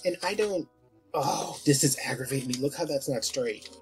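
A man's voice: medium pitch, lively intonation, normal speed. A man vlogging at home who tells a rambling story in a casual, chatty way, often trailing off and restarting. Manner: chatty and easily distracted, with lots of restarts. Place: home, wrapping presents. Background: Christmas music.

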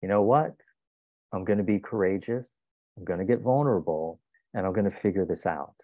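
An overwhelmed husband talking himself into courage, as a man voices him in an earnest, lowish voice. The sound is narrow and phone-like. It has no room echo. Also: fairly quick. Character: overwhelmed husband resolving to open up. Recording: tinny phone-like dry sound.

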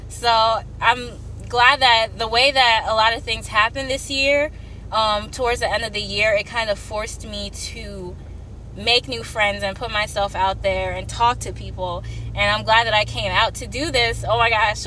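A woman's voice: fairly high pitch, fairly even intonation, a little slow, pushed and bright, slight background noise. A young woman vlogging casually to her camera from her parked car, chatty and heartfelt with many ums and likes. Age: young adult. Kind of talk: casual vlog talk to camera. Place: parked car in a parking deck.

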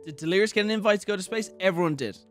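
A man's voice: high voice, very fast, soft background music. A young man livestreaming a game, chatting casually, swearing and thanking viewers for donations. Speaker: streamer. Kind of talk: casual livestream chat while gaming.

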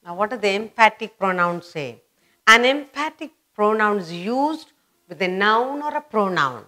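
Lady teaching grammar to beginners, super slow, says everything twice. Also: medium pitch, lively intonation, bright, forceful tone. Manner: repeats words and phrases slowly for emphasis.

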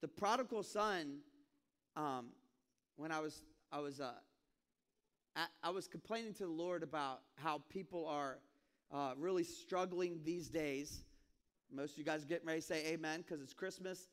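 A man preaching a sermon as pastor, telling stories in an animated way and acting out voices with sudden high squeaks. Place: church sanctuary.

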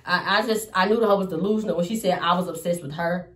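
A young adult woman, a comedian, telling a personal story in a casual vlog. She is animated and profane and swings between loud outbursts and low asides. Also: quick pace, far from the mic. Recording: echoey room, voice off from the mic.

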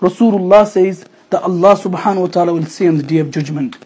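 A man preaching an emotional sermon, telling a story with an impassioned delivery that drops to hushed tones and rises again. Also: high voice, fast, husky, poor audio.

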